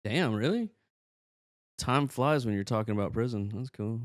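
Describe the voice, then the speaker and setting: Guesting on a laid-back podcast, this young male comedian tells stories with animation, voicing the other people in them. He speaks at a medium pitch and normal pace, recorded cleanly in a studio without echo.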